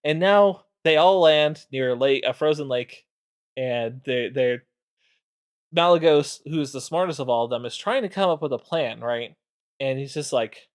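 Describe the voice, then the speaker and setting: A man's voice: mid-range voice, unhurried, clear, resonant tone. A man streaming, casually recapping game lore with lots of fillers.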